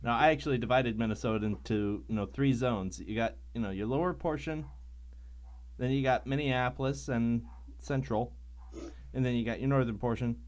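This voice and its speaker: A man co-hosting a podcast in a casual chat, making dry jokes in a deliberate way. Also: mid-range voice. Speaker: podcast co-host.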